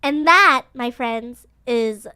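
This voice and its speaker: Woman streamer, very high and lively voice, giggly and playfully dramatic, faint music under her. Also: moderate pace, dry recording. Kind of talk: casual livestream storytelling.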